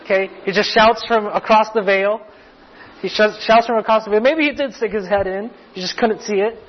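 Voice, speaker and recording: A man with a high, husky voice preaches a teaching sermon. He talks conversationally, stumbles into restarts and tosses in small jokes. The recording sounds muffled and lo-fi. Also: normal speed. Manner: conversational, restarts and asides, joking. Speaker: pastor.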